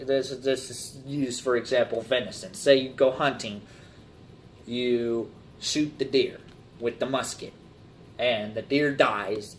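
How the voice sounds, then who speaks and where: A man's voice: fairly high pitch, slight background noise. A man preaching a casual sermon, talking through everyday examples with rhetorical questions and acting out little scenes. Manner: animated, acts out customers in jumpy voices.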